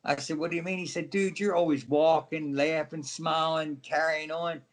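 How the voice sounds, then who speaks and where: A man's voice: fairly high pitch, steady tone, moderate pace. A middle-aged man, a former wrestler, telling stories in a casual interview and acting out other people's voices as he goes.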